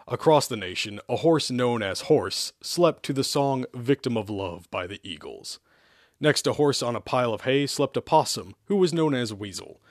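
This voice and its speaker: Deadpan male storyteller, dry close sound. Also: mid-range voice, dry recording. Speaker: host and story reader. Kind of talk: comic reading of an old amateur story.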